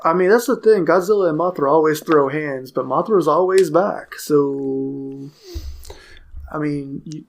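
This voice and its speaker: A man's voice: fairly high pitch, a little slow, slight background noise. A man co-hosting a podcast, joking and chuckling in casual chat. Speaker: podcast co-host.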